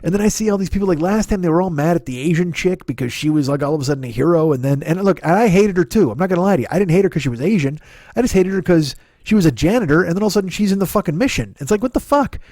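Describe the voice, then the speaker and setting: A man's voice: sits high, animated, racing, a little mellow, no echo, studio quality. A man in his forties doing a profane, ranting comedy podcast monologue, full of laughs and restarts. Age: 40s. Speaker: podcast host.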